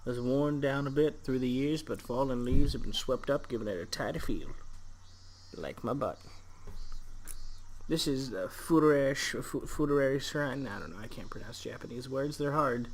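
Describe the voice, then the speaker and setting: A man's voice: medium pitch, moderate pace, a little hiss or hum. A man reading a visual novel's text aloud and breaking off into crude jokes about it. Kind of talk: casual let's play narration with jokey asides.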